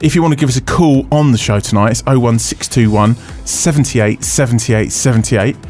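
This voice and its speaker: A man's voice: medium pitch, fairly quick, a little mellow, faint music behind. A man hosting a radio tech show, chatting loosely and teasing his co-host in a studio. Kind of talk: casual studio banter. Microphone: studio microphone.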